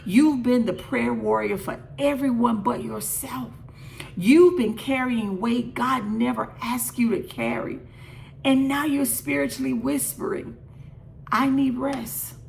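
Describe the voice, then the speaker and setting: A middle-aged woman gives a midday devotional, talking straight to her listeners and leaning on repetition. Her voice sits fairly high and carries a gravelly rasp. A faint hiss and some room sound stay underneath. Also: unhurried, darkish tone. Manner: earnest, direct address with repeated phrases. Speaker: host of a faith encouragement show.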